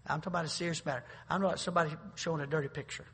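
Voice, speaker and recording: A man pastor preaching a sermon, swinging between loud bursts and quiet asides. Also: fairly high pitch, fairly even intonation, very fast, slightly rough. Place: church sanctuary. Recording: long reverb of a large hall.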